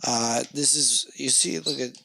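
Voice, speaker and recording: A man's voice: medium pitch, a little slow, vocal fry, pushed and bright, no echo. A man with a New Jersey accent hosting a casual solo podcast from a small, dusty backyard shed, rambling with profane jokes and asides. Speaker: podcast host.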